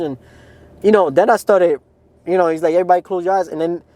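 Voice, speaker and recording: A podcast co-host with a high, dark voice talks fast but pauses often as he tells his faith testimony. He's earnest and casual, using "like" and "man" a great deal.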